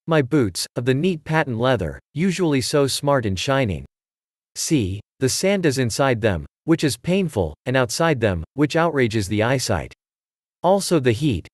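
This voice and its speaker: A man voicing a fussy, fastidious middle-aged male detective who complains in precise, formal phrasing. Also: medium pitch, no room sound, clean studio sound.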